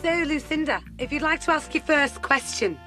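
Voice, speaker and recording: A woman's voice: high-pitched, lively intonation, sharp tone, faint music behind. A woman voicing a showy, gushing female hostess of a TV dating show. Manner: gushing, showy, slow and sing-song. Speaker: game show host.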